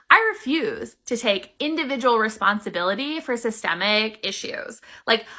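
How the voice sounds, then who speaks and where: A woman's voice: on the high side, pushed and bright. A woman talking casually to the camera and explaining an idea, with frequent "like"s and a conversational flow. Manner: conversational, uses "like" often. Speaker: creator.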